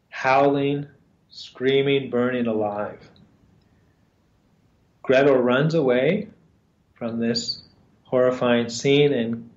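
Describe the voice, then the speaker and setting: Slow, halting male storyteller. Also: mid-range voice, darkish tone. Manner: slow and halting, with long pauses and fillers. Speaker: storyteller and teacher. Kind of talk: storytelling in a lesson. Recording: roomy, slightly dull sound.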